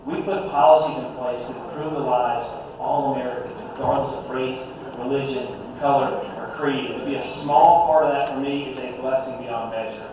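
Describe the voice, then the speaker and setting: A man's voice: medium pitch, steady tone, moderate pace. Southern man speaking in an echoey hall. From South Carolina. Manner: joking, conversational, addresses the crowd. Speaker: guest speaker at a political meeting. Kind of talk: live public speech. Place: large meeting hall, indoors. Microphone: distant from the microphone. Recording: echoey hall recording from far off, with noise.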